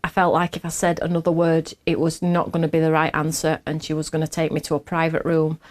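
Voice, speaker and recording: A woman's voice: sits low, completely flat delivery, quick pace, darkish tone. An English woman hosting a crafting podcast, telling a story in a chatty way, laughing often and acting out what others said. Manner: acts out quotes in different voices. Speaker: podcast host. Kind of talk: casual chat with viewers.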